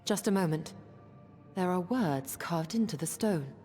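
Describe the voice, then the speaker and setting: A woman voicing a calm, wary female adventurer in a video game, measured and dry in her delivery. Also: on the low side, faint music behind.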